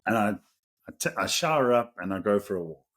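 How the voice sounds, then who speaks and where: A man's voice: lowish voice, fairly quick. A South African man in his thirties, a podcast co-host telling a story casually, laughing often as he goes. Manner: animated, laughs through the story.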